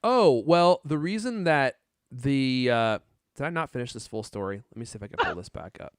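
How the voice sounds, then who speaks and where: A man's voice: mid-range voice, very animated, moderate pace, smooth, no room sound, studio quality. A man co-hosting a tech podcast in casual chat, joking and rambling, laughing often. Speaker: podcast co-host.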